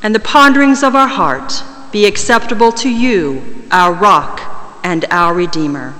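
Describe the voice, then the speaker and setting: A woman preaching a sermon in a large church, measured and slowing down to stress key words. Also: mid-range voice, fairly bright tone. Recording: long reverb of a large church.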